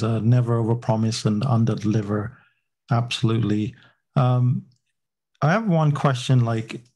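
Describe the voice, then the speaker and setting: A man with an English accent hosts a panel discussion, pausing often on fillers and circling back on his words. His voice is gravelly and mellow, sitting at an ordinary pitch. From England. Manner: hesitant, many fillers and restarts. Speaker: panel moderator.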